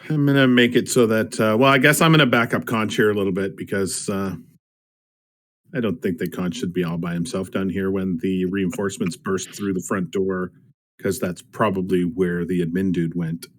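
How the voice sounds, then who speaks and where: A man's voice: sits low, fairly even intonation, normal speed. A man playing in an online tabletop game, talking in a blunt, dry way. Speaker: player. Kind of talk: casual game talk.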